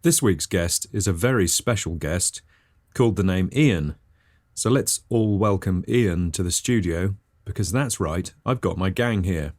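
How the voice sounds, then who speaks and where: A man's voice: low-pitched, expressive, unhurried, darkish tone, dry recording, clean studio sound. A man hosting a comic podcast, talking in a chirpy, eager and over-apologetic way. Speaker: podcast host. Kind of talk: comic scripted host patter.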